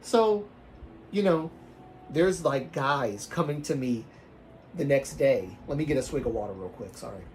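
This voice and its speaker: Speaking with a Southern US accent, a man tells a story on a livestream in a casual, rambling way, often restarting himself and trailing off softly. His mid-range voice is animated and measured in pace, with slight background noise.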